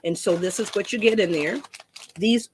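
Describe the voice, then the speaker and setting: A woman's voice: mid-range voice, moderate pace, slight background noise. A woman demonstrating a painting craft in a chatty, rambling way, often repeating her words.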